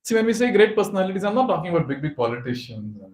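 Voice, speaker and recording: A man's voice: high-pitched, rapid-fire. Man telling a devotional story. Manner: animated storyteller who addresses the audience. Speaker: speaker at a youth forum. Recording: echoey hall.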